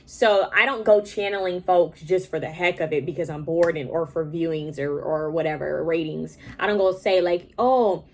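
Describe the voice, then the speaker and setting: A woman's voice: deep voice, normal speed, few pauses. A young adult woman, a psychic medium, talking casually and rambling to her viewers, often checking in with them. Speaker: psychic medium and tarot reader.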